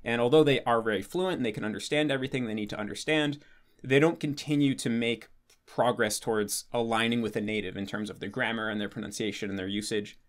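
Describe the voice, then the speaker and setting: Man calmly setting up an interview question. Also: mid-range voice, fast. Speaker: host, interviewer.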